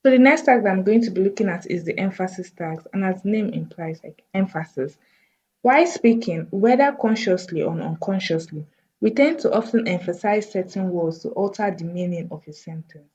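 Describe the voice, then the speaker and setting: A woman teaching a coding lesson over a screen recording, thinking aloud slowly as she types. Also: medium pitch, a little mellow, slightly rough, lo-fi sound. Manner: slow, thinking aloud while typing. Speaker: coding tutor.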